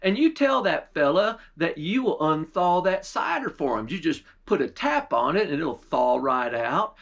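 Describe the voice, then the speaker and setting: A folksy old country man giving warnings, as a man telling a folk tale puts him on, homespun and cautioning. His voice sits fairly high. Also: a bit bright, exaggerated voice.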